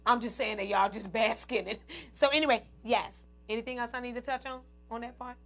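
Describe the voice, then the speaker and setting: A woman's voice: on the high side, steady tone, fairly quick, fairly bright tone. Chatty woman host talking to her viewers. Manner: chatty, laughing, addresses "y'all" and "ladies". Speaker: show host. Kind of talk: casual chat to viewers.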